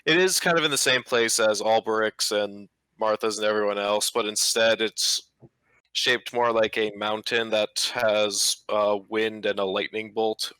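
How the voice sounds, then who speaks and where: A man's voice: lowish voice, fairly even intonation, a little slow, sharp tone, clear, resonant tone, dry recording, rough recording. A man narrating as game master of a tabletop game, with loose, rambling narration.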